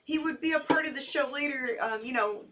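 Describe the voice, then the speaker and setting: A woman's voice: sits high, a little fast, recorded from a distance, noisy background. A woman co-hosting a late-night movie show, chatting in an upbeat way with many fillers. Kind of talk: casual co-host chat.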